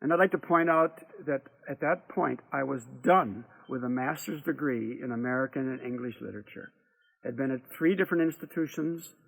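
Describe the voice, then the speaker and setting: A man lecturing at a teach-in who reads a story aloud with expressive acted voices. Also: mid-range voice, creaky, breathy edge. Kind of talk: dramatic reading and lecture.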